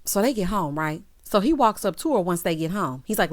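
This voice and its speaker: A woman's voice: mid-range voice, sing-song, fairly quick. A woman recapping a reality show, talking with sass straight to its cast and acting out their lines. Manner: sassy, talks straight to the people on the show; acts out each person's quoted lines. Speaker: recap vlogger.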